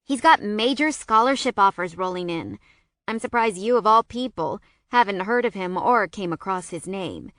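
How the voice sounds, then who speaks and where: A woman voicing a gossipy, excitable teenage girl who teases her best friend bluntly in an audiobook. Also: mid-range voice, normal speed, dry recording, studio quality, close to an everyday voice.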